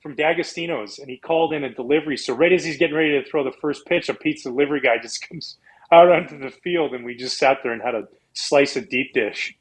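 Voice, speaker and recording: A middle-aged man from Canada, a guest telling lively stories in a casual interview, acting out quotes in a high voice. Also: fast talker, low-quality recording. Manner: animated storyteller, acts out quotes in a high voice. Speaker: guest, former pitcher.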